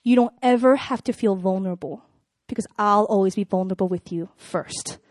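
A woman voicing a quiet, soft-spoken young man who talks in a calm and steady way. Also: a little fast, dry recording, studio quality, natural voice. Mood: calm, reassuring. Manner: calm and low-key.

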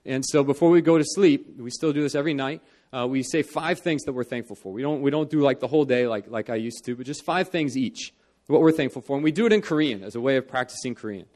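A young man preaching a sermon in church. He talks earnestly, lifting his voice for emphasis and dropping it low for solemn parts. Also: quick pace, a little mellow.

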